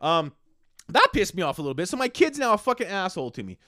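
A man, hosting a casual solo podcast and ranting profanely, swinging between loud outbursts and hushed asides. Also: sits high, sing-song, quick pace, dry recording, clean studio sound. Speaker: podcast host.

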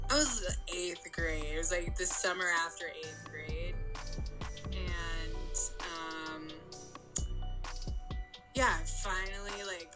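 A young woman speaks slowly and a little low, pausing with fillers and soft laughs as she starts a story in a casual podcast chat. Loud music plays behind her voice.

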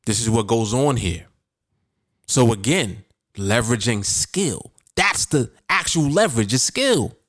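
A man's voice: medium pitch, animated, unhurried, fairly bright tone, no echo, clean studio sound. A man hosting a podcast, coaching his listeners in a casual, emphatic and repetitive way. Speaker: podcast host and trading coach. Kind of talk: casual motivational talk.

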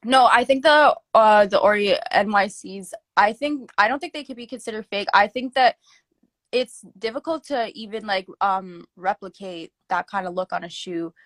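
A woman's voice: mid-range voice, moderate pace, a bit bright, no room sound. Young woman, casual interviewee, slangy and filler-heavy, dry recording. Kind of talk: casual chat.

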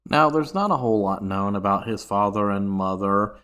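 A man's voice: fairly low pitch, expressive, moderate pace, a bit bright, smooth. A man from Ohio hosting a history podcast, telling the story in a rambling, casual way with profane asides. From Ohio, USA.

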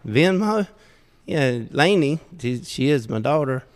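A middle-aged man with a Southeast Georgia drawl tells self-deprecating stories with a gravelly edge to his voice. He chuckles often as he talks. The sound rings with a long reverb, as if recorded in a large room. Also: a little high, animated, a little slow. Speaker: podcast guest. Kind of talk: casual storytelling.

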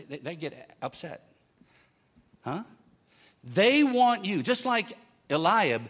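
Emphatic preacher man, slow and animated. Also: a little high. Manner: emphatic, with humorous asides. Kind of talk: sermon.

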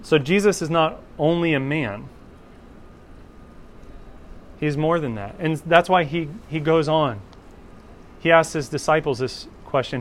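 A man's voice: fairly high pitch, normal speed, a little hiss or hum. A man teaching a Bible class in an informal lecture, talking conversationally and often checking in with "right?".

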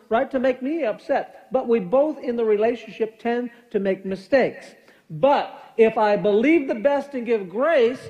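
A pastor in his fifties, speaking in a high, somewhat dark voice, delivers a relaxed, joking sermon at church. He acts out small scenes using funny voices. The audio is muffled and lo-fi.

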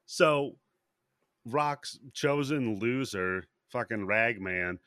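A man's voice: mid-range voice, animated, drawn-out words, bright, forceful tone, clean tone, no room sound, studio quality. A man hosting a podcast, casually recapping a movie plot in a rambling, profane way. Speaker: podcast host.

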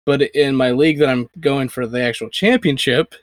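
A man's voice: medium pitch, normal speed, dry recording, clean studio sound. A tired man in his twenties co-hosting a casual sports podcast, joking wryly and laughing often. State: tired from little sleep. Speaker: podcast co-host.

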